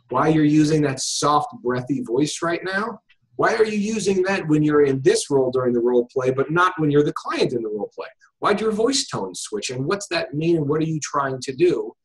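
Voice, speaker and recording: A man's voice: fairly high pitch, animated, normal speed, low-quality recording. Casual, rambling male hypnosis teacher. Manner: casual, thinks aloud with frequent fillers and restarts. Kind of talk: conversational interview. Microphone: video call.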